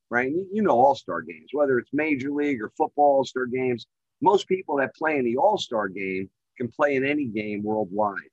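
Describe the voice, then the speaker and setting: A middle-aged man telling his story as a guest on a call, rambling and full of filler phrases, getting louder and more excited at the high points. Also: normal speed, no room sound, highs cut off. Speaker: guest, real estate developer. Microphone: remote call microphone.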